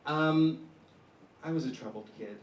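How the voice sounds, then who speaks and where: A man's voice: a little high, unhurried, muffled recording. A young man doing a stand-up set, awkward and hesitant, stumbling over fillers. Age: young adult. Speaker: stand-up comedian. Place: stage at a small live comedy show. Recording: echoey, distant mic, noisy.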